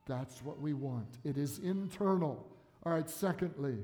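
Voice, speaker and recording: An older man preaching a sermon as pastor, animated, bursting into loud exclamations. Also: fairly high pitch, a little slow. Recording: long hall reverb.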